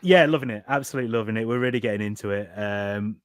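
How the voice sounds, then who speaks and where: A man's voice: on the low side, fast talker. A man co-hosting a casual podcast chat, talking in a chatty, self-mocking way about reading to his kids. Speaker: podcast co-host.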